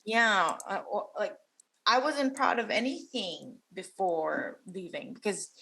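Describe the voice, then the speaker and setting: A woman's voice: medium pitch, animated, slow, pushed and bright, husky. A young woman from Macau, co-hosting a podcast, chatting casually and animatedly, full of fillers and quoted voices. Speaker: podcast co-host. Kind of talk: casual reaction chat.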